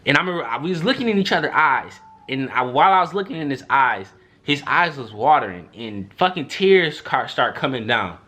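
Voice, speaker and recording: A young man vlogging a storytime in a loose, slangy way, acting out what others said with big jumps in his voice. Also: a little fast. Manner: animated, slangy, acts out quotes with big pitch jumps. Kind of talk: storytime monologue.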